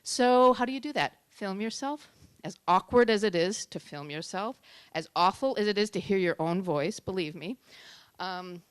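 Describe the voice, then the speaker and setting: A woman giving a talk on public speaking at a tech meetup, lively and shifting between loud and soft for emphasis. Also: mid-range voice, moderate pace, clear, resonant tone, dry recording. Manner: lively, varies loudness and pace for emphasis.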